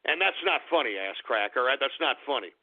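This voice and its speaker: A man's voice: medium pitch, expressive, fairly quick. Cranky, profane male radio host, tinny line. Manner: irritable, profane, mock-angry outbursts. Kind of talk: call-in radio show shout-outs.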